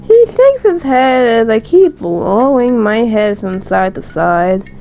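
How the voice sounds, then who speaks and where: A woman's voice: fairly high pitch, sing-song, slow, warm tone, faint music behind. A woman streamer reading a story game aloud, stumbling over words with laughing asides. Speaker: gameplay streamer.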